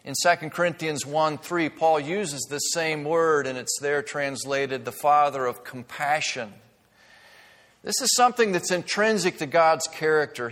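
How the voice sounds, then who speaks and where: A man preaching a sermon to his congregation in a church, teaching earnestly, with rising emphasis and hushed asides. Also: fairly high pitch, a little slow. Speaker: pastor. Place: church sanctuary. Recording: long reverb of a large church.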